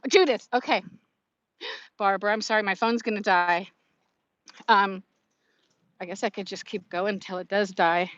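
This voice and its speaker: A woman's voice: medium pitch, moderate pace, pauses often, fairly bright tone, no echo, lo-fi sound. A woman in her fifties chatting casually on a live stream from her phone while she walks outdoors, reading out viewer comments and laughing often. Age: 50s. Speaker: vlogger. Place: outdoors, walking to her car.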